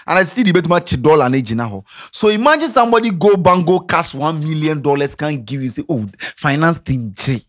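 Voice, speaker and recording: Animated Ghanaian man ranting. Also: fairly high pitch, brisk, hardly any pauses. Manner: passionate, ranting, rhetorical questions, sarcastic. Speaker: commentary vlogger. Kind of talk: opinionated social commentary.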